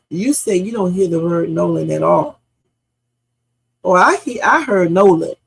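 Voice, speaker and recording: Gravelly woman grilling her live chat. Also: on the low side, normal speed. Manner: heated, questioning, profane, talks back to chat. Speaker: livestream host. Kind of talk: live reaction stream commentary.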